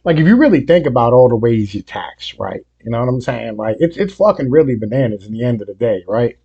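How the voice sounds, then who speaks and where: This Appalachian host of a music reaction video talks quickly in a sing-song, mid-range voice that's creaky with a breathy edge, captured with lo-fi sound. His rant is profane and rambling, loaded with "you know what I mean" and similar fillers, and it grows hotter and louder.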